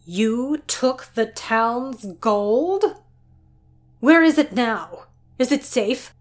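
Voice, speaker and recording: A woman's voice: a little high, expressive, a little slow. A woman playing an irritable, prim scientist who speaks in a clipped, indignant way.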